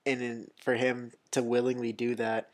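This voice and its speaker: A man in casual podcast chat, relaxed and chatty, with many filler likes. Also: mid-range voice, normal speed.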